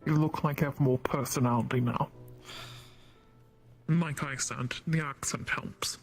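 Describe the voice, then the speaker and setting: A man's voice: medium pitch, steady tone, a little slow, creaky, soft background music. A man playing a formal male companion who needles with dry, patronizing teasing. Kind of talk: voice role-play in a virtual world.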